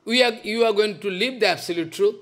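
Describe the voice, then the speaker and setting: A man's voice: high voice, fast, a bit bright. A man, a spiritual teacher giving a devotional lecture in a stern, scolding manner, repeating his points. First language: Bengali.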